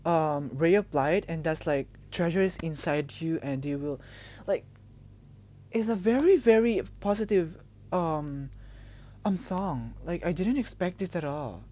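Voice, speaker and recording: A woman's voice: deep voice, animated, measured pace, mellow. A young woman from the Philippines, gushing and emotional as she reacts to a music video, exclaiming often.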